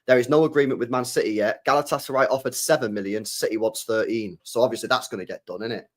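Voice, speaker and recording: A young man, chatting casually about football transfer news, animated, repeating himself and swearing often. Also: mid-range voice, fast. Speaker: football fan channel host.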